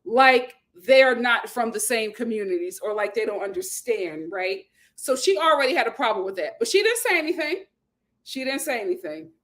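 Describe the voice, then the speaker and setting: A high-pitched woman hosts a casual reality TV recap chat. She retells the drama with energy, playing out everyone's lines and breaking into laughter. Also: moderate pace. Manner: animated storyteller, acts out quotes, laughs often. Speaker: host.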